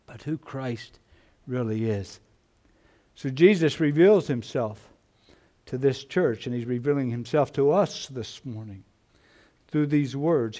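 A man preaching a sermon in church, slow and emphatic, repeating his phrases for weight. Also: medium pitch, warm tone. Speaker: pastor.

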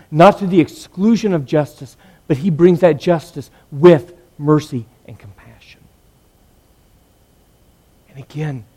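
A man preaching a sermon, earnest, swinging between loud emphatic lines and hushed ones. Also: on the high side.

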